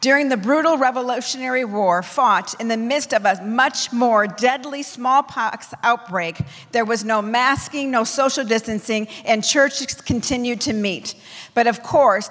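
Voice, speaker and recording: A woman apostle preaching a forceful, declamatory sermon to her church, driving home her points in emphatic lists. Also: on the high side, moderate pace, long reverb tail.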